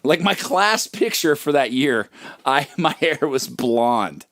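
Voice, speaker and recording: A man's voice: medium pitch, lively intonation, slow, fairly bright tone, no room sound, studio quality. A man hosting a livestream, telling a rambling, profane, self-mocking story in a casual comic way. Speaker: livestream host and musician.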